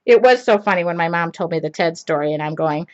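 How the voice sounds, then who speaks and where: A woman's voice: fairly low pitch, fast talker. A woman in her forties hosting a craft livestream, telling a rambling story with a laugh and poking fun at herself while she works. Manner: rambling, laughing, self-deprecating. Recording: lo-fi livestream audio.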